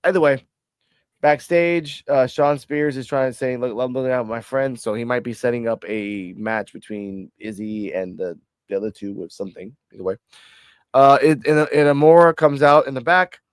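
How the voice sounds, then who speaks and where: A man reviewing a wrestling show in casual podcast chat, swearing freely and animated. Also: medium pitch, normal speed, smooth, no echo, studio quality. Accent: New York.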